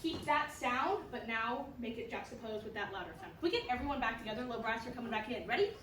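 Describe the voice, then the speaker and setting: A woman's voice: fairly high pitch, lively intonation, fast, fairly bright tone, slight background noise. A woman teaching a school band in rehearsal, encouraging and singing out rhythms for the players. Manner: upbeat, encouraging, sings rhythms. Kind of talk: rehearsal instruction. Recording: echoey room, distant mic. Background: band instruments playing.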